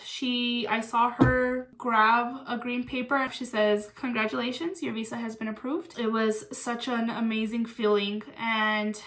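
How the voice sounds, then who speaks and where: A young woman from Mexico tells a story casually, straight to the camera. Her voice sits a little on the high side. She acts out the lines she quotes as she goes. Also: a bit bright. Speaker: vlogger.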